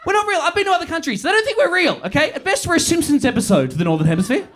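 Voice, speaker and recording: Loud high-voiced Australian man ranting on stage. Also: very animated, racing. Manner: loud, ranting, swears a lot. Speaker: stand-up comedian. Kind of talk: stand-up comedy set. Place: comedy venue with live audience.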